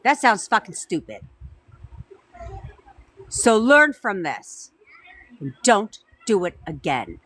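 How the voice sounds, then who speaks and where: A woman's voice: medium pitch, wildly swooping pitch, slow, pauses often, fairly bright tone. A woman coaching her viewers on a live stream, blunt and profane, repeating herself for emphasis. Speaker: manifestation coach. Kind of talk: TikTok live talk.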